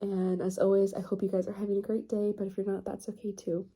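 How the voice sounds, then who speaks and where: A young woman, chatting casually and warmly in a home vlog. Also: mid-range voice, monotone, quick pace. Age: young adult. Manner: chatty, upbeat, sentimental. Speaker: vlogger. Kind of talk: casual chat. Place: at home, apartment.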